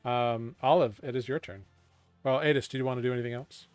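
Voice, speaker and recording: Smooth-voiced man running a tabletop game. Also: mid-range voice, a little fast, dry recording, soft background music. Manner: relaxed, filler-heavy narration. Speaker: game master.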